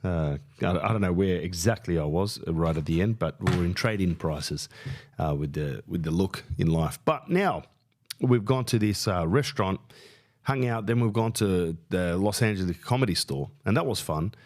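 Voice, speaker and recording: A man's voice: sits low, moderate pace, darkish tone. Crude rambling Australian man. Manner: crude, self-mocking, lots of fillers and restarts. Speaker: podcast host and stand-up comedian. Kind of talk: casual rambling monologue.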